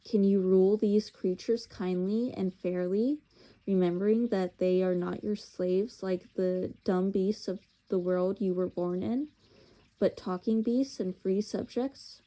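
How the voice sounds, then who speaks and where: A woman voicing a wise, noble lion who speaks gravely and formally. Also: mid-range voice, steady tone, measured pace, mellow, natural voice. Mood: solemn. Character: wise noble lion king, solemn and kind.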